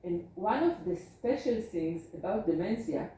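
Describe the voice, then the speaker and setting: A woman's voice: fairly low pitch, expressive, a little slow, dark tone, a little hiss or hum. A woman doctor giving a seminar lecture to caregivers, explaining earnestly with spoken examples in English. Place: seminar room. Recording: distant voice in an echoey room.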